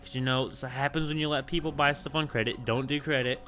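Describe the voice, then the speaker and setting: A young man casually telling a school story on his vlog, rambling and excitable, with lots of filler words. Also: medium pitch, quick pace, music in the background. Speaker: gaming channel host.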